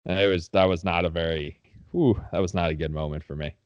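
A man co-hosting a casual chat, blunt and quick to swear and laugh. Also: low-pitched, fairly even intonation, clean tone, dry recording, dull audio. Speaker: podcast co-host.

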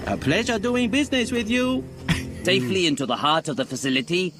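An actor voicing a video game hacker ally, using a stiff, exaggerated foreign accent and clipped, formal commands. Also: male voice, sits high, lively intonation, fairly quick. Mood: commanding. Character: male hacker ally speaking with a mocked accent. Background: game music.

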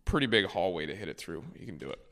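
Low-voiced man telling a caddie story. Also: racing, creaky. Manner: relaxed, rambling, self-correcting. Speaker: tour caddie, guest. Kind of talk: casual storytelling.

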